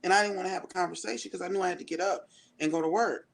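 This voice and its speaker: A woman's voice: fairly low pitch, very fast, gravelly. Candid woman telling stories. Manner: candid storytelling, relaxed. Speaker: guest. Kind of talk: casual chat.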